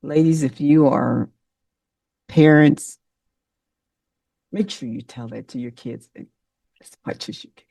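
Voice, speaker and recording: A woman delivers a motivational talk with a preacher's fervor, speaking straight to her listeners and naming them one by one. Her voice carries a gravelly edge. She sits back from the mic in a dry, deadened space. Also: sits low, takes it slowly, long pauses, warm tone, dry recording, recorded from a distance. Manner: emotional, preacher-like, calls on listeners by name.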